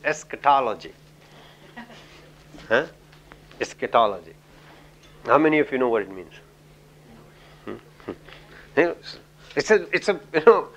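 A man's voice: fairly high pitch, highs cut off. Chatty middle-aged man from India. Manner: chatty, frequent "you know", laughs at own stories. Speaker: communication trainer and lecturer. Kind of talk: lecture with anecdotes.

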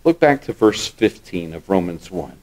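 A man's voice: deep voice, very animated, normal speed, a little mellow. A man preaching a sermon as pastor. He explains scripture step by step and repeats key words for emphasis.

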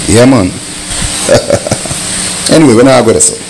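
A man's voice: mid-range voice, very animated, moderate pace, a little hiss or hum, low-quality recording. A man with a Jamaican accent, speaking in patois and making an indignant rebuttal as a vlogger. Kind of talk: heated commentary rebuttal.

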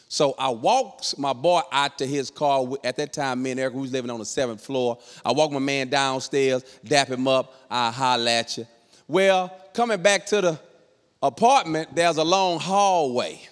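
On stage in a large hall, a middle-aged comedian tells a comic story as storytelling stand-up, animatedly acting out the voices of the people in it. He speaks at a moderate pace with a medium-pitched voice.

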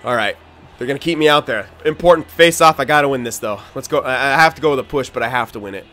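A young man giving live commentary on his own video game, excitable and frustrated, swearing and shouting at his teammates. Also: medium pitch, quick pace, faint music behind. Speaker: gaming video host.

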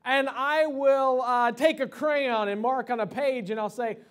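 High-voiced preacher giving a sermon. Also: male voice, fairly even intonation, normal speed, few pauses, a bit bright. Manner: conversational preaching with many fillers and restarts. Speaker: pastor. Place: church sanctuary.

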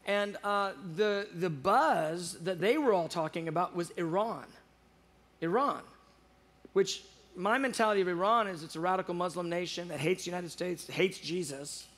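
A man telling a personal faith story in casual chat, animated and acting out the dialogue, with frequent restarts. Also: sits high, normal speed. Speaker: guest speaker on prayer show.

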